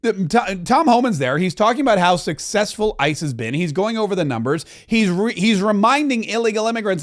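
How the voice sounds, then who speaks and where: A man's voice: high-pitched, expressive, fairly quick, hardly any pauses. A man hosting a podcast, giving impassioned political commentary full of repetition and restarts. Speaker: podcast host.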